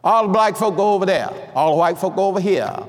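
A middle-aged man preaching a sermon with a personal testimony, swinging from hushed asides to shouted declarations and often restarting his words. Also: sits high, fast talker. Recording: long hall reverb.

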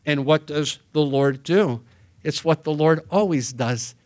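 A man preaching a sermon as pastor, reading scripture quickly and then explaining it with earnest emphasis. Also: a little high, darkish tone.

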